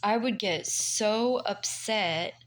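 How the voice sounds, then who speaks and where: A woman slowly telling a painful personal story, halting with many pauses and fillers, recorded on a laptop mic. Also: medium pitch, a little hiss or hum. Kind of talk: personal testimony, slow and halting. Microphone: laptop mic on her lap.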